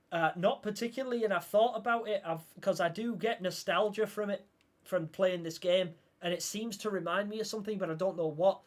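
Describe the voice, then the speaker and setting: A man chatting casually while livestreaming a horror game and reading chat. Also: on the high side. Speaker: streamer.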